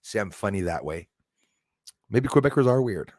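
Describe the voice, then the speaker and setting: A man's voice: on the low side, animated, normal speed, darkish tone, a little hiss or hum. A man hosting a livestream, chatting casually and jokily while answering viewer comments, with frequent chuckles. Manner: rambling, jokey, chuckles often.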